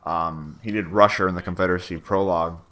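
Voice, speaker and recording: A man's voice: low voice, steady tone, quick pace, a bit bright. A young man giving a rambling, stammering director's commentary on his own machinima, full of fillers and swearing.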